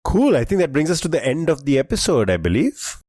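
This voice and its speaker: A man's voice: a little high, very animated, fast, a little mellow, husky, no echo. A man co-hosting a quiz podcast, chatting casually and enthusiastically, thinking aloud as he guesses. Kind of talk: casual chat.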